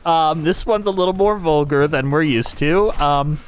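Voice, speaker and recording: A woman's voice: low-pitched, moderate pace, slight background noise. A woman hosting a casual podcast and reading out reviews, giggly and playful like a quiz-show host.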